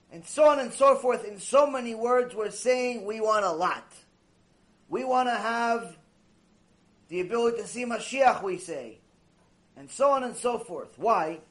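Animated man giving a mussar lecture. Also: high voice. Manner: animated storytelling with Hebrew terms, repeats phrases. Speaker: Torah teacher.

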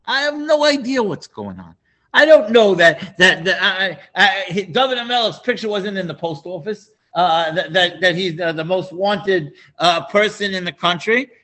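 A man's voice: high voice, lively intonation, normal speed, sharp tone, voice pushed up. A man voicing a flustered male priest who protests in stammering exasperation. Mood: exasperated.

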